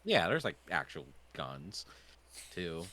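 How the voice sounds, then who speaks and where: Male game master, lively, rambling, casual. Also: low voice, slow pace. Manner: casual, rambling, thinking aloud. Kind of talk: running a tabletop game on a stream.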